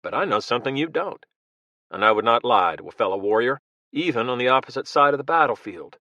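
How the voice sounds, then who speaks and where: A man's voice: medium pitch, animated, fast, pushed and bright, no echo, dull audio. A man voicing an intense American former Marine leader who speaks bluntly and earnestly.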